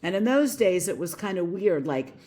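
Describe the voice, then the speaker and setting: A woman from Philadelphia, a guest on a podcast, talking about her career in a chatty, relaxed way full of "like"s. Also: fairly low pitch, normal speed, breathy edge. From Philadelphia, USA. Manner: chatty, relaxed, explains with many "like"s. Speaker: guest, creative director and editor. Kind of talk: casual interview chat.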